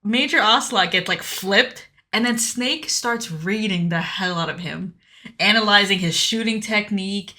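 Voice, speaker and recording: Bright, playful female podcast co-host. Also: mid-range voice, moderate pace. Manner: playful, laughs often, dry quips. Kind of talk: casual chat recapping a video game.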